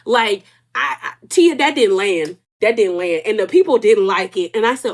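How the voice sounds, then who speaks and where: A woman recapping a reality show episode in a casual, gossipy way, with drawn-out reactions. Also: mid-range voice, lively intonation.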